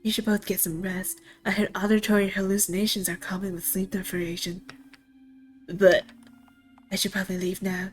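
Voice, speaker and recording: A quiet, polite young woman speaks gently and softly, as a woman reads her game lines aloud. Her tone stays even and hushed, with a faint trace of music underneath. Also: mid-range voice, moderate pace, natural voice. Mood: soft concern. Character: soft-spoken polite young woman, unsettling. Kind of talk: reading game dialogue aloud.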